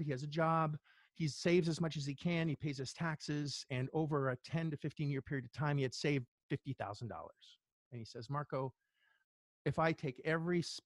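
A middle-aged man telling a personal story as an interview guest, earnest and halting, with many restarts. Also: on the high side, no echo. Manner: earnest, halting, tearful at times.

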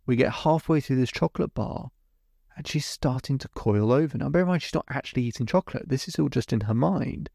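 A middle-aged man hosts his podcast, walking through a client session step by step in a storytelling monologue. His voice has a gravelly edge, and he is recorded close and dry, with no room sound. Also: medium pitch, a little fast, warm tone, no room sound. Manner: recounts a client session step by step, then explains. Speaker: podcast host and hypnotherapist.

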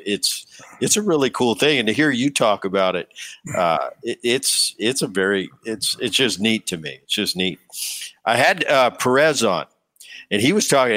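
Middle-aged man, lowish voice, podcast host, friendly, chatty, restarts sentences. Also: pushed and bright. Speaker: podcast host, former baseball player. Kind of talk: conversational interview.

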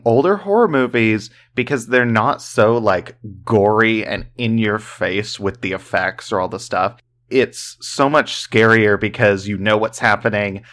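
A podcast co-host in a relaxed casual chat, dropping wry asides. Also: mid-range voice.

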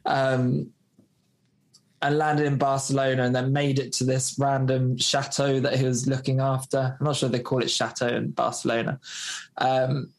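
This is a podcast guest from the UK, a man recounting something that happened to him in a casual interview, meandering through fillers and performing the dialogue. He speaks at a moderate pace in a mid-range voice with a flat delivery.

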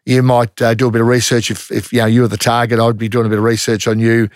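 A middle-aged Australian man speaking bluntly and without fuss, with plenty of slang in his stories. His voice sits at a middle pitch. The recording is dry, with no room echo. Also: flat delivery, fast talker. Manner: blunt, matter-of-fact, slangy, acts out quoted voices. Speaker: former undercover police officer. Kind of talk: casual interview storytelling.

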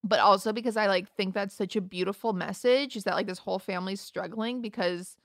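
A woman's voice: mid-range voice, fairly even intonation, a little fast, no room sound, studio quality. A woman co-hosting a casual film chat, gushing and tearful as she talks. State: crying. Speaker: podcast co-host. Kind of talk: casual chat about films.

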